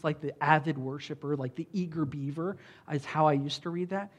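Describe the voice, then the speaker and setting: Preaching in a loose, chatty way peppered with "like" and "right?", a high-voiced pastor talks at a normal speed and barely pauses. Scripture readings stand out, since he delivers them loudly and with strong emphasis.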